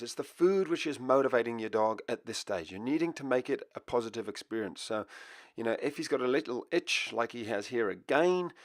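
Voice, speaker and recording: Man, dog trainer, upbeat explanatory voice-over, dry close sound, mid pitch. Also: no room sound. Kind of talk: instructional voice-over.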